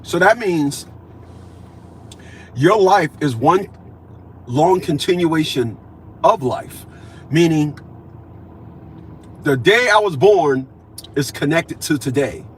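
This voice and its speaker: A man in his fifties delivering a profane, preachy ranting monologue, repeating himself and swinging between loud declarations and low mutters. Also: animated, slow, pauses often, slight background noise. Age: 50s. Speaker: vlogger.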